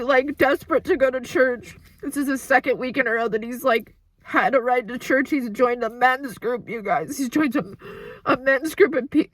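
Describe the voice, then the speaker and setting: A tearful woman speaks into a phone she holds in her hand, her voice sitting a bit high. She breaks off and restarts her sentences, sounding overwhelmed as she cries. The sound is dry and close. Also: fairly bright tone, dry recording. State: tearful, crying. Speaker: vlogger. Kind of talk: emotional personal update. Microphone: phone held in hand.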